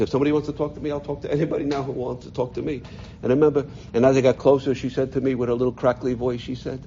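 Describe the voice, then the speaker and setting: A man, a rabbi from the United States, telling his life story in an animated way, often repeating words as he goes. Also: mid-range voice, very fast, muffled recording, a little hiss or hum. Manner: animated, repeats words, voices quoted people. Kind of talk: personal storytelling talk.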